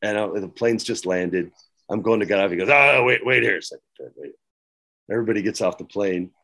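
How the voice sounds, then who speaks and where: A middle-aged man telling stories as a guest, lively and laughing as he acts out quoted lines. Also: lowish voice, fast. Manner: laughs often while talking. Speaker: guest recalling work as a wrestling writer. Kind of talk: casual anecdote-telling.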